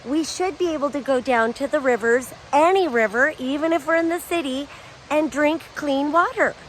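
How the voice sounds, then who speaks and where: High-pitched lady from colorado, tripping and rambling slow, laughs a lot, swears, faint woods sounds behind. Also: slight background noise, rough recording. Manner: meandering, laughs often, swears freely. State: high on psychedelics. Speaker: vlogger and mother. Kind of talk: casual rambling monologue. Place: outdoors in the woods.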